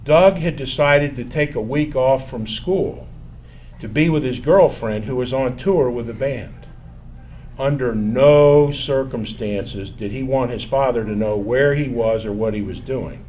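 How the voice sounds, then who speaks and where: An older man telling a personal story from his college years in a measured, wry, self-mocking way. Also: medium pitch, darkish tone, a little hiss or hum.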